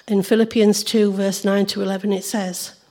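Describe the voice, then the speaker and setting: A hoarse woman leading a church service, opening in prayer and reading scripture aloud. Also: mid-range voice, level tone, normal speed, warm tone. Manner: cheerful, prayerful.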